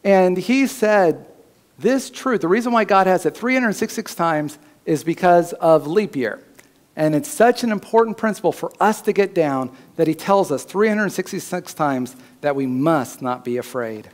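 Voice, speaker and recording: A man preaching a sermon as pastor in a church, his voice climbing higher and louder when he voices God's words. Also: expressive, moderate pace. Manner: preaching, rising loud and high when voicing God's words.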